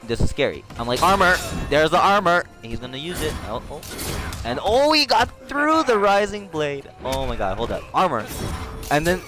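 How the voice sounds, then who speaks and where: A male streamer giving casual live commentary on replays, slangy and excitable, jumping to shouts at tense moments. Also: fairly high pitch, normal speed. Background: music.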